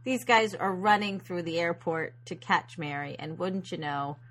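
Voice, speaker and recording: A woman's voice: on the low side, moderate pace, fairly bright tone. A woman co-hosting a casual movie podcast, talking animatedly and laughing often as she plays up the plot's twists. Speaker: podcast co-host.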